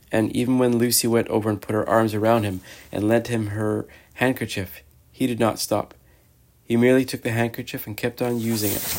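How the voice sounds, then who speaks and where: Man reading a storybook aloud. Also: medium pitch. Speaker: narrator.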